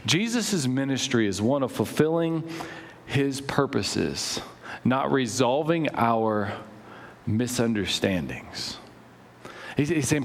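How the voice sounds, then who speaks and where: A man's voice: mid-range voice, animated, slow. A man preaching a sermon as pastor, conversational, full of anecdotes and restarts. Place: church sanctuary. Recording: reverberant church hall.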